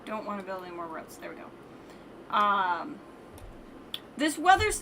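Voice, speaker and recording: A woman's voice: medium pitch, big pitch swings, measured pace, pauses often. Woman streamer musing aloud, far from mic. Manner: thinks aloud, chatty and self-correcting. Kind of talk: casual let's-play commentary. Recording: distant mic with background noise.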